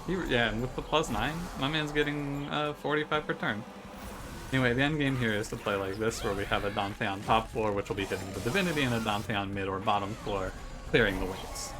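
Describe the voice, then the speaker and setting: A man's voice: on the low side, fairly quick. A man giving joking, wry commentary while playing a video game at home, with mock trash-talk. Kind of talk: gameplay commentary. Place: room at home by a window. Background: game music.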